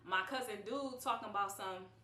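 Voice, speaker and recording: Animated young woman telling a storytime. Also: mid-range voice, normal speed. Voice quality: animated, expressive, lively quoting of others. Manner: blunt, slangy, laughs often. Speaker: vlogger. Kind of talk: casual storytime. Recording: roomy, slightly distant mic.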